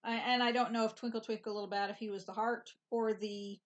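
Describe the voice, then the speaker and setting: A woman in relaxed, rambling casual chat who teases her friend. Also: a little high, a little fast. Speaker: host.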